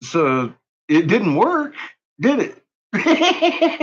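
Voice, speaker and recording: Laughing, foul-mouthed man, lively pitch. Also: very slow. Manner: profane, laughs often, ridiculing. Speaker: channel host. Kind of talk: casual mocking commentary. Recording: muffled lo-fi audio.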